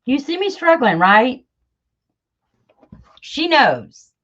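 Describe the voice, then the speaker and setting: Woman crafting host, unhurried, rambly, muffled lo-fi sound. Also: sits high, very animated, a bit bright. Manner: chatty, self-deprecating, many fillers. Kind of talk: casual livestream chat while crafting.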